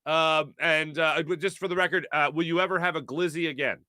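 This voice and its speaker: A man's voice: fairly high pitch, fairly even intonation, fairly quick, pushed and bright, dry recording, studio quality. A man hosting a sports talk show, chatting casually and playfully, laughing often.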